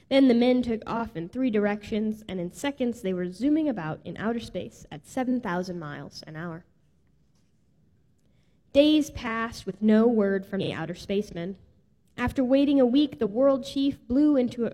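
A woman reading a children's storybook aloud in an expressive, lilting way. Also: a little high. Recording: reverberant hall.

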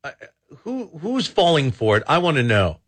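A man's voice: on the high side, wildly swooping pitch, normal speed, a bit bright. A man hosting a talk radio show, rambling and exasperated, with many false starts. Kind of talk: casual talk radio commentary.

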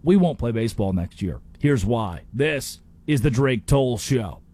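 Male sports talk host, mid-pitched, animated and opinionated, stumbles into restarts. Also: very noisy. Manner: animated, opinionated, with quick restarts and playful impressions.

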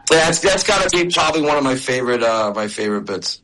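A man's voice: mid-range voice, lively intonation, fast, hardly any pauses, noisy background. A middle-aged man, a comedian, chatting in an interview in a storytelling way. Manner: storytelling, chatty with restarts and laughs. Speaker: comedian and video creator. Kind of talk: casual interview talk.

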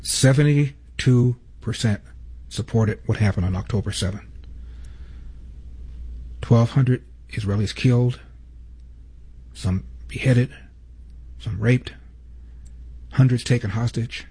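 A man hosting a talk show, delivering deliberate, emphatic commentary between clips. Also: mid-range voice, warm tone, slightly rough.

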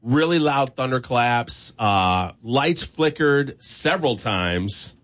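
A man hosts a morning radio show with an upbeat, chatty delivery and an easy laugh. His voice sits at an ordinary middle pitch and comes through a studio microphone. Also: lively intonation, slow, fairly bright tone.

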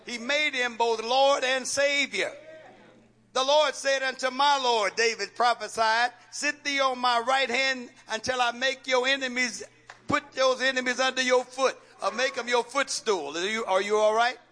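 A man's voice: very high-pitched, steady tone, normal speed, sharp tone. A man preaching a sermon as pastor, calling out questions for the congregation to answer and repeating phrases with folksy jokes.

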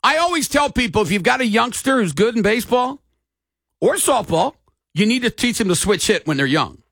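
A middle-aged man hosting sports radio with a fairly high voice and a gravelly edge. He tells stories in a folksy, emphatic way, and the sound is close and dry. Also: sing-song, brisk, fairly bright tone, dry recording. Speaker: radio show host.

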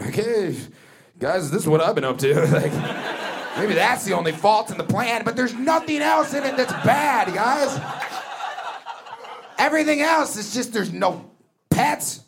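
A man doing a stand-up set, rambling and emphatic, shouting his punchlines. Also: very high voice, very animated, moderate pace, vocal fry, a little hiss or hum. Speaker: stand-up comedian.

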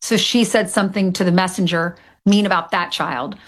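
A woman's voice: on the low side, steady tone, normal speed. A middle-aged woman being interviewed as an author, telling candid personal stories in casual chat. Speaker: author and guest.

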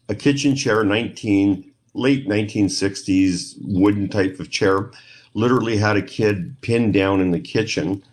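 A middle-aged man speaks in a fairly low voice as an interview guest. He tells a long story in a rambling way. He acts out the other people in it as he quotes them. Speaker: guest, paranormal investigator.

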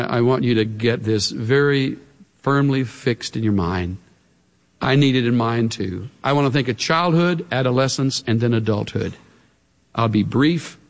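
A male preacher delivers a dramatic sermon at an ordinary pitch. His intonation rises and falls widely, and he sometimes sinks to a hushed tone. His voice carries a long reverb, as in a large hall. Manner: emphatic, dramatic, with sudden drops to hushed tones.

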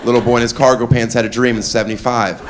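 A man performing a stand-up comedy set on stage, laughing at his own jokes and breaking into loud put-on voices. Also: mid-range voice, level tone, quick pace. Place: comedy club stage before a crowd. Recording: live club recording with crowd noise. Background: audience laughter.

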